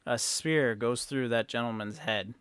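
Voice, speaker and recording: A man's voice: medium pitch, measured pace, fairly bright tone. A man narrating a tabletop game as dungeon master in a casual, laid-back way.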